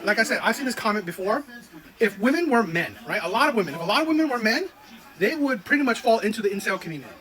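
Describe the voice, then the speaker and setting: A man with a strikingly high voice rants through reaction commentary at a quick clip. He argues his points hard and keeps asking "right?" to press them. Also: pushed and bright, rough recording. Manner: argumentative, repeats "right?" often. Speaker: reaction channel host.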